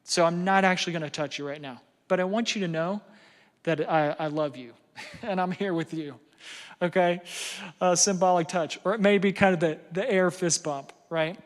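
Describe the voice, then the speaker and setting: This parenting seminar is given by a middle-aged man with a high-pitched voice at normal speed, his talk echoing with long reverb through a big hall full of listeners. He's conversational and self-deprecating, leaning on fillers and checking in with "right?"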